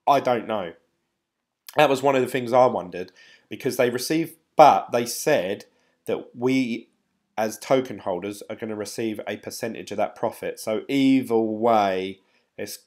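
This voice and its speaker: Guy rambling on a live stream, bit low voiced, lots of ums. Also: darkish tone. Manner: rambling and chatty, with frequent "um". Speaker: crypto YouTuber, live-stream host. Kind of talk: casual live-stream chat, reading viewer comments.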